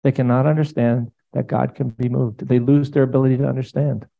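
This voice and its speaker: A man pastor teaching in a casual, conversational way, animated and rambling, often speaking prayers aloud. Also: mid-range voice, brisk, creaky, narrow, tinny audio.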